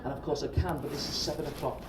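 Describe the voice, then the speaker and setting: A middle-aged man, a stand-up comedian telling a story on stage to a live audience in a chatty, animated way, swearing freely and often checking in with the crowd. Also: on the high side, quick pace. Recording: roomy live-venue recording from a distance. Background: audience laughter and crowd noise.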